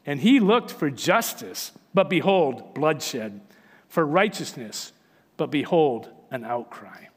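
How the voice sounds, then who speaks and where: A man with a notably high voice preaches in a church sanctuary, reading scripture and then unpacking it. His delivery is earnest and emphatic, rising and falling for stress. The sound carries a long, hall-like reverb. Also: animated, takes it slowly, husky. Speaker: pastor.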